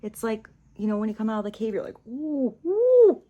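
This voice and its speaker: A woman's voice: medium pitch, monotone, very fast, lo-fi sound. Chatty woman tarot reader. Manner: gentle, drifts to soft whispers, laughs often. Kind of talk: casual tarot reading. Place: home room with small table.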